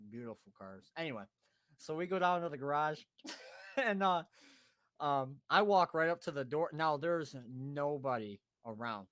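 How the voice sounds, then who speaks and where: A man's voice: on the high side, animated, measured pace, fairly bright tone, dry recording. A man hosting a podcast, telling a rowdy story in a casual way, swearing freely, laughing and acting out his friends' voices. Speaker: podcast host.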